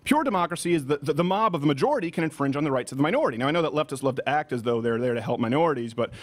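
A man's voice: on the high side, lively intonation, racing. A man in his thirties hosting a political commentary show, delivering a sarcastic, combative rebuttal. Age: 30s.

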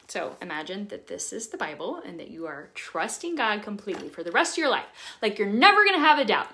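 A woman vlogger talking casually to her viewers, chatty and animated as she shares personal reflections. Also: fairly high pitch. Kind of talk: casual talk to camera.

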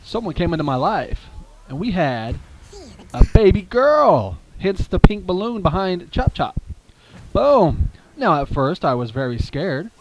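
A man telling a playful story with toys, animated and lively, dropping low for heartfelt asides. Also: a little slow, a little hiss or hum, rough recording.

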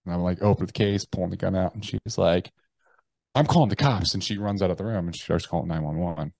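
A man's voice: deep voice, fairly even intonation, fast talker, creaky, a little mellow, no echo. A man, an army veteran, telling a personal story in an interview, talking casually with lots of swearing and "like". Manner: casual and profane, heavy use of "like" and "bro".

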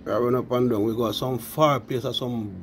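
Gravelly Jamaican man telling a story. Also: medium pitch, steady tone, moderate pace, a little hiss or hum. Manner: Jamaican patois, frequent "you know" tags, addresses listeners as "people". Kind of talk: casual storytelling.

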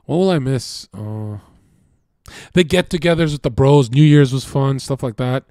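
A young man from Canada, a streamer, talking in a rambling, profane casual monologue that swings between loud bursts and low mutters. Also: moderate pace, no room sound, clean studio sound.

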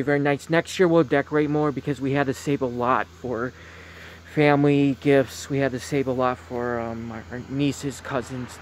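A man at an ordinary pitch talks softly into a phone outside at night, repeating the same warm little phrases as he films. Faint outdoor noise and passing cars sit behind him. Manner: repetitive, gentle, keeps saying very very nice. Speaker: vlogger. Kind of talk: casual vlog tour.

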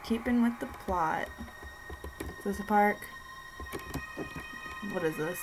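A woman with a mid-range voice plays a horror game, giving slow, casual let's-play commentary as she chats to herself. Game music plays in the background of the recording.

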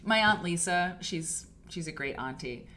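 A woman's voice: on the low side, expressive, unhurried, bright, forceful tone, a little hiss or hum. A woman hosting a casual live quilting stream, gushing and chatty, rambling with fillers and restarts. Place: home studio. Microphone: desk mic for a live stream.

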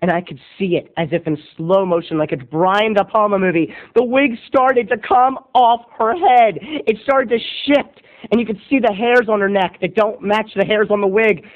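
High-voiced giggly man telling a story. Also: moderate pace. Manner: animated, giggly, addresses viewers as people. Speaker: video blogger. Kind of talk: comic storytelling vlog. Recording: tinny lo-fi webcam audio.

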